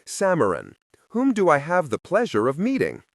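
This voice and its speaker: A man voicing a patient, courteous male mage who speaks low, smooth and gentle. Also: huge pitch swings, moderate pace, no echo, studio quality, full character voice. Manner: soft-spoken, courteous.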